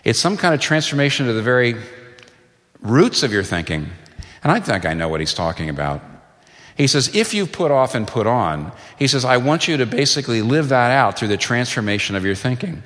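A man's voice: mid-range voice, big pitch swings, brisk, fairly bright tone, big-room sound. A male pastor preaching a sermon in a conversational, storytelling way, stressing points through repetition.

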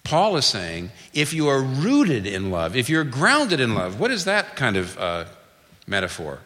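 Preaching unhurriedly, this pastor has a medium-pitched, fairly bright voice with huge swings in pitch. His sermon is earnest and emphatic, with frequent phrase restarts as a point takes shape, all echoing through the long reverb of a large hall.

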